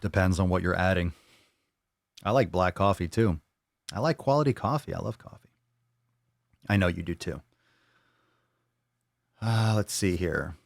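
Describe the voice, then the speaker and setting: A man's voice: low-pitched, normal speed, gravelly, long pauses, no room sound, clean studio sound. A man hosting a live fitness Q&A, blunt and opinionated, swearing freely as he answers viewers. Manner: blunt and profane, opinionated rants. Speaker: fitness channel host answering viewer questions.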